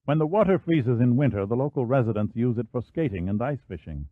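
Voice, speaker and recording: A genial, easygoing American historian, as a male narrator puts him on, chatty and a touch higher than the narration. It sounds dry and phone-thin. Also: expressive, fairly quick, dry recording, close to an everyday voice. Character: friendly American Senate historian, middle-aged man. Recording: dry, phone-like narrow band.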